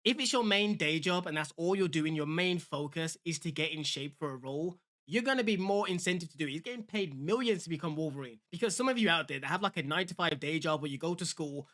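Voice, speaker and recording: A man's voice: fairly high pitch, animated, fast, few pauses, a bit bright. A man giving casual, opinionated reaction commentary on a fitness vlog, speaking straight to his viewers. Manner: chatty, opinionated, addresses viewers directly. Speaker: fitness vlogger reacting to a clip.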